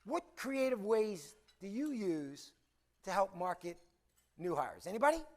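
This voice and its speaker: Guy with a pretty high voice doing a conference talk, animated storyteller, asks the crowd stuff. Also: measured pace. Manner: animated storyteller, questions the audience. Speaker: conference speaker. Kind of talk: storytelling presentation.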